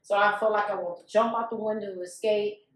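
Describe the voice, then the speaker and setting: A woman's voice: mid-range voice, steady tone, a little fast, heavy reverb, distant mic, poor audio. A woman giving a candid, emotional testimony, acting out the voices of people she quotes. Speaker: guest.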